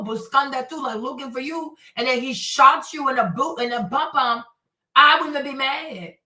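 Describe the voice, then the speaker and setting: A bright-voiced woman hosts a celebrity commentary show, animated and exasperated as she roasts her targets and drops in Spanish phrases. Her voice sits a little high. The sound is roomy and heard from a bit away from the mic. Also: far from the mic.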